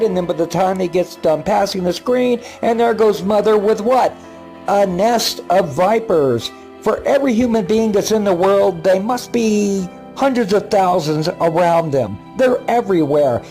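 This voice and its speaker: Narrating footage he shot himself, this older paranormal video maker talks in a casual vlog style, halting and rambling, repeating words and leaning on fillers. The voice sits high, with a somewhat dark tone.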